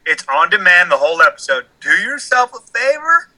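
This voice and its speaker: A man chatting casually on a podcast with friends, retelling a TV scene in an animated way and laughing often. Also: sits high, brisk, rough recording. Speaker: podcast co-host. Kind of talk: casual chat.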